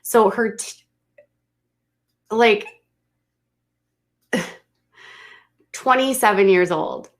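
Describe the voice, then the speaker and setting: A woman's voice: medium pitch, extremely slow, pauses often. Snarky exasperated woman commentator. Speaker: livestream commentator. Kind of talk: casual commentary.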